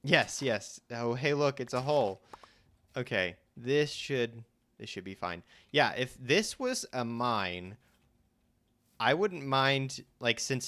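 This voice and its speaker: A young man with a medium-pitched, slightly bright voice hosts a let's play, casually commenting on his own gameplay during a live stream. He thinks aloud and restarts his sentences as he goes.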